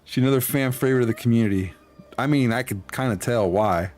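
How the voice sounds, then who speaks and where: A man's voice: mid-range voice, quick pace, darkish tone, soft background music. A man with a Hispanic accent giving casual, laughing commentary while streaming a game. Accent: Hispanic-accented English. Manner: laid-back, laughing, rambling.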